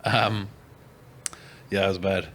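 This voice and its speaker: A man's voice: sits low, flat delivery, slow, fairly bright tone. A man co-hosting a casual podcast, telling long anecdotes and laughing often. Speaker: podcast co-host. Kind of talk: casual banter.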